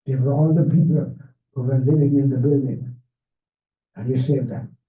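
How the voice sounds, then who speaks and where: An older man with a Hungarian accent, a Holocaust survivor giving a measured personal testimony talk with non-native grammar, his first language Hungarian. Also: mid-range voice, steady tone, phone-quality sound. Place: library event room. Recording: echoey, distant, phone-thin sound.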